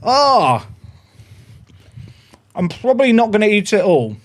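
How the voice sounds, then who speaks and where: A young man hosting a casual livestream, chatty and excitable as he talks to his viewers. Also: high-pitched, slow pace. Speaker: livestream host.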